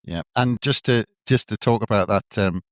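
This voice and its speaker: A man's voice: fairly low pitch, no echo. A man, co-hosting a podcast, chatty and teasing. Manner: chatty, teasing, quick to laugh. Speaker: podcast co-host. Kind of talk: casual chat.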